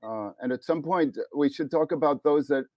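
A man, the creator of a show, speaking as an interview guest in a gracious, thankful, unhurried way. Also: on the high side, very noisy. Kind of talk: casual chat.

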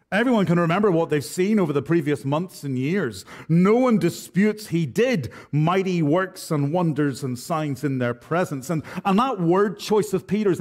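A pastor preaches an expository sermon in church, earnest and direct, often posing rhetorical questions. His voice sits on the high side and is a little mellow.

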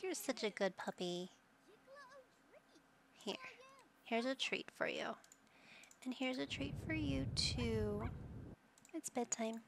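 A woman's voice: on the high side, expressive, slow pace, creaky, pauses often, background noise. A young adult woman casually commenting on her gameplay, cooing and doting as she talks to the pets in her game. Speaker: gaming channel host.

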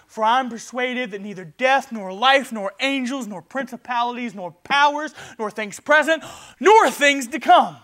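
A male pastor preaching a sermon with passion, swinging from loud urgency to quiet and often stammering and restarting. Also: extremely high pitch, moderate pace.

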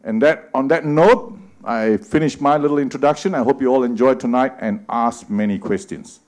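A man's voice: medium pitch, moderate pace. A man who is a city councillor, giving an earnest opening address to an audience with a touch of humor. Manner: earnest, speech-like with gentle humor.

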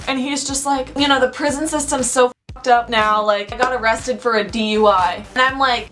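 A woman's voice: a little high, fairly quick, hardly any pauses. A young woman vlogger telling a storytime, chatty and full of "like" fillers. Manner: chatty, fillers of "like", animated retelling. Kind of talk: storytime vlog.

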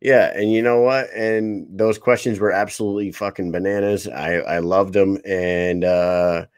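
Profane, rambling co-host with a low voice. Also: male voice, steady tone, unhurried, smooth, no echo. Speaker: podcast co-host. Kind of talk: casual chat.

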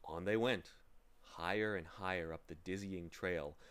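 A man reading a children's novel aloud with slow, dramatic narration. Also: sits low, steady tone, fairly bright tone, clean tone. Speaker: reader. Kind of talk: storybook reading.

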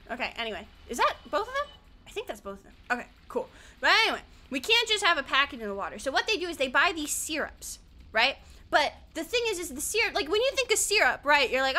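A woman's voice: high voice, sing-song, fast, bright, forceful tone. A young woman from the American South chatting casually with her stream audience while she plays a game, swearing freely and yelping when the game startles her. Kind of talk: casual chat while gaming.

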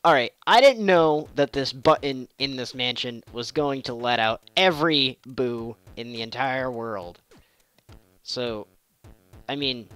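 A man's voice: mid-range voice, fairly bright tone. A man hosting a let's play, commenting on the game in a rambling, self-deprecating way. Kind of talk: gameplay commentary.

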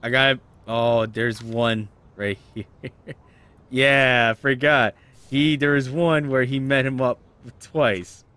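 A man's voice: mid-range voice, steady tone, slow, pushed and bright, clean tone. A man playing a video game and commenting, muttering and swearing in frustration. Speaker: gaming video host. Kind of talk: let's play commentary.

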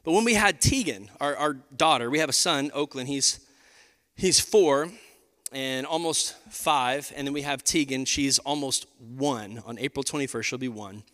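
A man, preaching a sermon in a lively, conversational way and addressing the crowd as y'all. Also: medium pitch, moderate pace. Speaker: pastor. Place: large church auditorium. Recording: live hall with long reverb.

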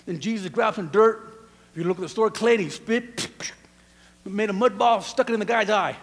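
A man preaching a sermon as pastor, animated, dropping to a hush and then rising to shouts. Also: high-pitched, normal speed. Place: church sanctuary. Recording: long church hall reverb.

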